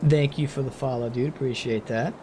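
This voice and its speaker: A man streaming a game, commenting casually and thinking aloud with sudden bursts of excitement. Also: mid-range voice, a little fast, background noise.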